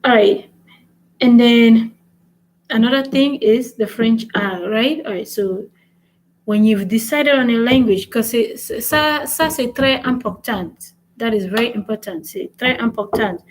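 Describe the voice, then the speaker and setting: A woman's voice: on the high side, a little slow, low-quality recording. A woman hosting a casual language lesson vlog, switching between French and English and repeating points with "right?". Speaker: language-learning channel host.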